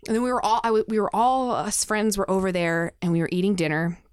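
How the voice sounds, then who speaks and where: A young woman from Texas telling ghost stories casually on a podcast, animated, swearing freely and acting out other people in a higher voice. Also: quick pace, clean tone, no echo, studio quality. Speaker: podcast speaker. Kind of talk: casual storytelling.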